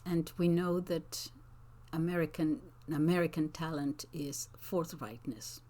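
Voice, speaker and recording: A slow, low-pitched woman talks unscripted to her viewers, answering their comments. She speaks thoughtfully and unhurriedly, pausing often and restarting her phrases as she works through an explanation. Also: dark tone. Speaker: language teacher and channel host.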